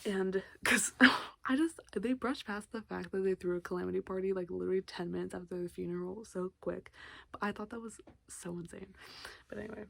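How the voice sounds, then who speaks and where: A woman's voice: medium pitch, steady tone, a little fast, creaky, no room sound. A young woman casually summarizing a book at home, rambling with lots of fillers and side comments. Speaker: book vlogger. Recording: noisy room with a fan running.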